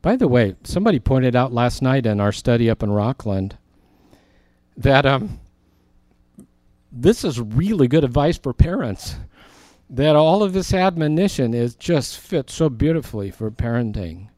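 A man's voice: medium pitch, very animated, a little slow, darkish tone, no room sound, clean studio sound. A man, a pastor, teaching through a Bible passage and reading verses aloud with earnest emphasis.

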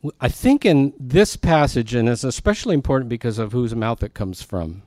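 A man of middle pitch leads a Bible teaching, reading verses and then breaking off for lively asides to his listeners. His tone is conversational but emphatic. The sound is dry and close, with no room echo. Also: normal speed.

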